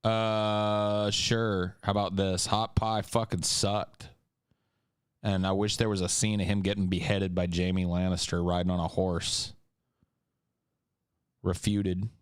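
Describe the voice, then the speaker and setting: A man's voice: deep voice, little pitch movement, slow pace, smooth, dry recording, studio quality. A man hosting a casual Q&A chat, joking and swearing in an offhand way. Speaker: host.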